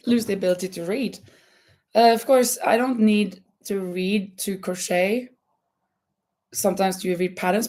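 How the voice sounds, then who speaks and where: Norwegian-native woman host, casual crochet chat, halting and full of laughter, mid-range voice. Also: medium pitch. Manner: halting, many restarts and frequent laughter. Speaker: livestream host and schoolteacher.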